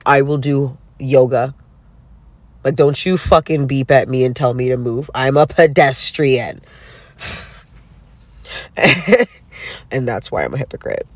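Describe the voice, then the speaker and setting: A man delivers a casual vlog rant with plenty of profanity, switching between low asides and loud bursts. His pitch sits in a middle range, and he mocks himself as he goes. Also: slow, pauses often, no room sound. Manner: profane, animated, self-mocking rant. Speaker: vlogger. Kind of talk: casual ranting monologue.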